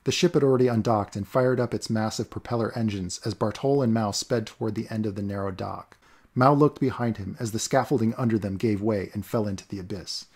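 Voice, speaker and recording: A man narrating a fantasy story in a steady, measured reading. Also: on the low side, slightly rough. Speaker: audiobook narrator.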